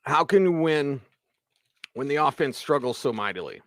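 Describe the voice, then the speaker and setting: A man hosting a postgame sports radio show, ranting with animated exasperation and sarcastic asides. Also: medium pitch, moderate pace, dry recording. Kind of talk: postgame sports talk monologue.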